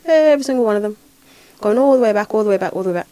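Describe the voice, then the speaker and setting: A woman hosting a podcast, telling a spiritual experience in a lively, dramatic way with repeated phrases. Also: medium pitch, very fast, no echo. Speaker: podcast host and spiritual healer. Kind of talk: casual podcast storytelling.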